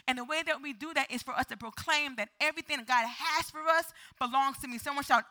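Bright high-voiced woman preaching. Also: fairly quick, hardly any pauses. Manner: call-and-response preaching, dramatic acted-out prayers. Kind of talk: sermon.

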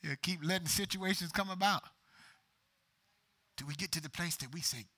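A man preaching a sermon as pastor, dropping to whispers and building to loud climaxes. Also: sits high, normal speed.

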